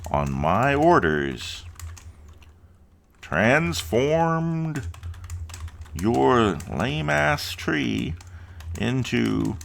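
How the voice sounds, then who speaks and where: A man's voice: mid-range voice, very animated, gravelly, pitched above the performer's own voice, exaggerated voice. A man voicing a scarred, malevolent male goblin chieftain with a guttural, snarling growl. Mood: menacing. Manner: snarling, slow and menacing.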